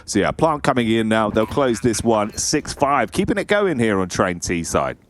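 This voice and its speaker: Lively, teasing male esports caster. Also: lowish voice, moderate pace, slight background noise. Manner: teasing, laughs often. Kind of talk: live esports commentary.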